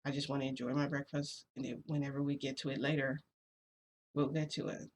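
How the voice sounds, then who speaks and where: A woman voicing Toshinori, a calm possessive man. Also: a bass voice, brisk, a little hiss or hum. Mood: steady.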